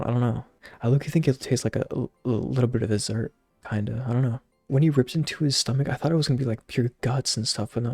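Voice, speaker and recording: A man's voice: mid-range voice, creaky, darkish tone, breathy edge, dry recording. A young man casually recapping a movie, rambling with lots of slang and fillers. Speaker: channel host.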